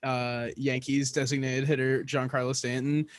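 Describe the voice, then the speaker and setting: A man's voice: medium pitch, flat delivery, normal speed, no room sound. Amused young man with a dry, close sound. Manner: rambling, amused opinions full of fillers. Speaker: podcast co-host. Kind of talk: casual chat.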